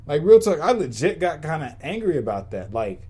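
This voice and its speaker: A podcast host with a slightly rough, high-ish voice talks at a normal speed. He tells stories in an animated, profane, slangy rant that rambles, repeats itself, and loops back around.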